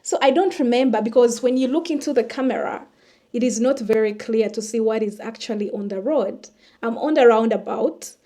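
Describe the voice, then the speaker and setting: A woman, a vlogger telling a personal story in an animated way and acting out the dialogue. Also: on the high side, fairly quick. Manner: animated retelling that acts out the dialogue.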